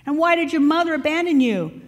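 A woman's voice: high-pitched, expressive, fairly quick, voice pushed up. A woman voicing a wounded, defiant young man who talks in a raised, pleading and insistent way. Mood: aggrieved. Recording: long reverb in a large hall.

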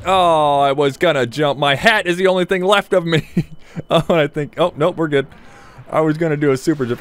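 A man's voice: on the high side, brisk, a little hiss or hum. A man hosting a gameplay video, chatting casually, laughing often and muttering at other players.

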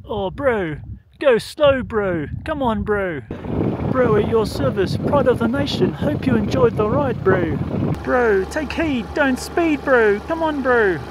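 A man putting on a New Zealand accent, reading road-safety signs in a sing-song, hammy, shouty voice. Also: very high-pitched, expressive, slow pace, noisy background, voice pushed up, exaggerated voice. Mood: playful. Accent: put-on New Zealand.

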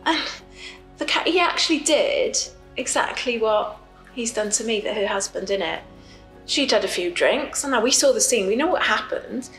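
Brief: a fed-up wife in lockdown, rambling confessional monologue, slightly high voice, roomy echo. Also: female voice, expressive, moderate pace, a bit bright, soft background music. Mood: rueful. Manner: rambling, confiding, apologetic. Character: fed-up woman stuck in lockdown with her partner.

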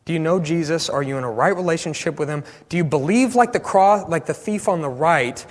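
A man preaching a sermon as pastor, passionate, swinging from loud bursts to hushed pleas. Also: a little high, animated, brisk, big-room sound. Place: church sanctuary.

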